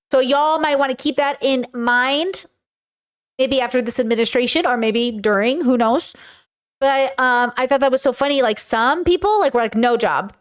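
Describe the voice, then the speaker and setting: Her high-pitched voice smooth, a young woman on stream reacts to clips in casual, rambling chat aimed at her live viewers, peppered with fillers and curse words.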